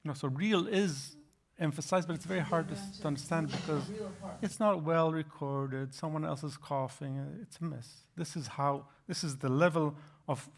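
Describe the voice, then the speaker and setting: A man giving an academic lecture, explaining slides in a halting way with frequent restarts. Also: a little high, gravelly, noisy background.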